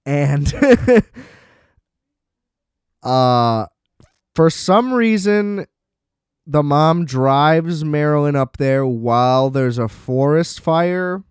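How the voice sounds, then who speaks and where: A man's voice: a little high, slow, smooth, no room sound, studio quality. A young man giving a casual, sarcastic movie recap, swearing and laughing often.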